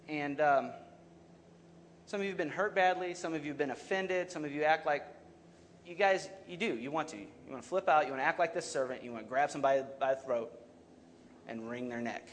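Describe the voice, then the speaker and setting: A man's voice: a little high, a little fast, slight background noise. A young adult man preaching a sermon as pastor, talking conversationally and asking the congregation questions.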